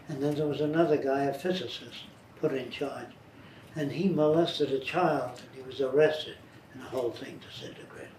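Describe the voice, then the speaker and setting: A man's voice: medium pitch, darkish tone. An older man being interviewed, telling blunt, rambling life anecdotes. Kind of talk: biographical storytelling. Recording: roomy, distant, faint noise.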